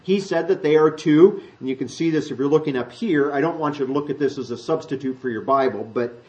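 Emphatic man preaching a sermon, lo-fi. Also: fairly quick. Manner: emphatic, rises high and loud when acting out quoted speech; conversational, explains slides to the congregation.

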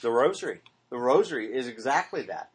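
This man's husky, mid-range voice is very animated and fairly quick as he earnestly teaches a small Bible study. He often questions the group and imitates repetitive praying.

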